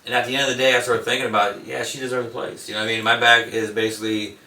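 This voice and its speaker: Male interview guest, quick, rambling storyteller, recorded off-mic in a roomy space. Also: mid-range voice, flat delivery, pushed and bright. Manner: rambling anecdotes. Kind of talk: casual storytelling. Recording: echoey room, mic at a distance.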